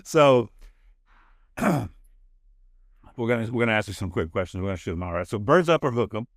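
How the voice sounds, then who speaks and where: A man hosting a podcast in a casual, playful way, laughing often and firing off quick questions. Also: on the low side, lively intonation, no echo, studio quality. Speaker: podcast host. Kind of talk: casual chat. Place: podcast studio.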